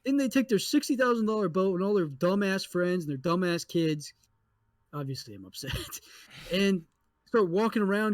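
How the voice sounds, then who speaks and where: Young man, podcast co-host, profane animated storytelling, slightly high voice, dry sound. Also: dry recording. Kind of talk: casual storytelling chat.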